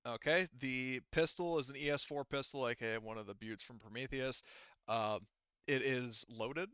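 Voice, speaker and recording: Bright, rambling male game master. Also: medium pitch, normal speed, clean tone, no echo, muffled recording. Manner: rambling, full of fillers and restarts. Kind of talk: narrating a tabletop game.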